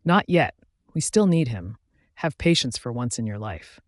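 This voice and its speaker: The inner wolf of a werewolf speaks up, calm and cautioning, a touch louder than the plain narration, as a male storyteller voices him. The read sounds close and dry, with no room around it. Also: mid-range voice, normal speed, no echo, natural voice.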